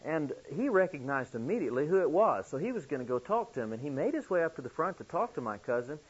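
A man preaching a sermon, telling a story earnestly, with sudden emphatic rises in pitch. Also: very animated, fast, slightly rough. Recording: dull lo-fi recording.

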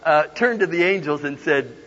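A man giving a humorous storytelling sermon, animated and laughing often as he acts out the voices in his stories. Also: on the high side, normal speed. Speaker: guest preacher. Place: large hall with an audience. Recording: dull lo-fi sound with long hall reverb.

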